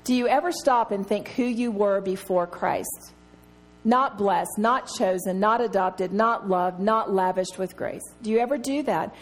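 A woman's voice: mid-range voice, unhurried. A middle-aged woman teaching a Bible study, telling personal stories and laughing often.

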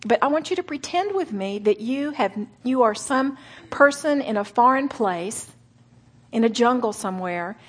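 A middle-aged woman preaching earnestly to a women's gathering, slowing for emphasis and dropping to soft whispered asides. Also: a little high, breathy edge. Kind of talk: sermon.

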